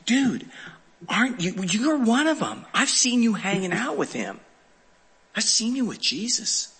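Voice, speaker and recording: A woman's voice: fairly high pitch, sing-song, unhurried, a bit bright, husky, pitched above the performer's own voice, exaggerated voice. A man voicing a young servant girl who pushily accuses someone in casual slang. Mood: accusing.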